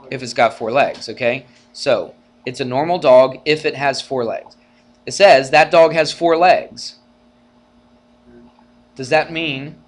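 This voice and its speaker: A man at medium pitch lectures a college algebra class as its math teacher, keeping the tone relaxed. He uses rhetorical questions to check in, and his animated delivery has him acting out arguments as his voice builds.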